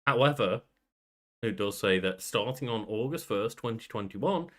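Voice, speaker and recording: A man's voice: on the low side, animated, normal speed. A man co-hosting a casual podcast, chatty, laughing often and swearing offhand. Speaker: podcast co-host. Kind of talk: casual chat.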